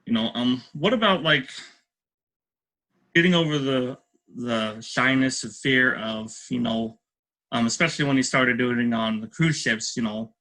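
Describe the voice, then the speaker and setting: A man's voice: medium pitch, unhurried, sharp tone, poor audio. A man hosting a podcast interview, asking long, rambling questions full of fillers.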